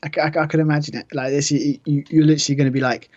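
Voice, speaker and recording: A man chatting about a wrestling game, talking fast with frequent restarts. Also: on the high side, steady tone, a little mellow. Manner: quick, stumbling restarts. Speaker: co-host. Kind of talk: casual gaming chat. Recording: dull lo-fi mic.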